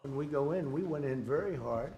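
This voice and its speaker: A man's voice: on the high side, fairly quick, vocal fry, warm tone, a little hiss or hum. Older man rambling through joking press remarks. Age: 70s. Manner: rambling, joking, seeks agreement with "okay? right?". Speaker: politician speaking at a press event.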